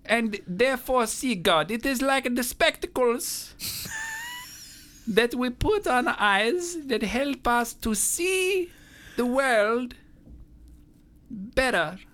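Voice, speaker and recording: A man's voice: extremely high pitch, huge pitch swings, drawn-out words, long pauses, sharp tone, heavily acted. A man voicing a pompous male theologian with a put-on Italian accent, speaking in an earnest, preachy way. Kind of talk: comedic role-play.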